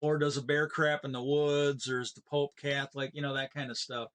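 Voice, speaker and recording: A man's voice: medium pitch, little pitch movement, a little fast, fairly bright tone. A man streaming a game, chatting casually with viewers and telling rambling stories full of folksy sayings. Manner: chats with viewers by name. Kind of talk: casual chat while gaming.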